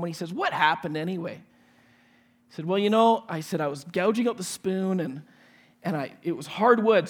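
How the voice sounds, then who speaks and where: A pastor in his 40s preaches in a fairly high voice, telling a personal story and animatedly acting out each person's lines before he turns to scripture.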